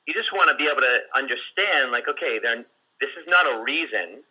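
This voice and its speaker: A man teaching sales on a group call, his voice strongly bright and sharp with a husky edge. He talks loosely, restarting sentences and leaning on fillers as he works through his points. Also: medium pitch, lively intonation, brisk, muffled recording. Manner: conversational, many restarts and fillers; acts out client and seller lines in quotes. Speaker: sales coach.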